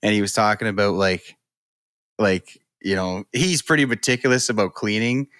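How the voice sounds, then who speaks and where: A man's voice: lowish voice, steady tone, normal speed, a bit bright, clear, resonant tone, no room sound, clean studio sound. A man from New Brunswick with a local accent, swapping laid-back anecdotes on a casual podcast. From New Brunswick, Canada. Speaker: podcast co-host. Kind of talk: casual chat.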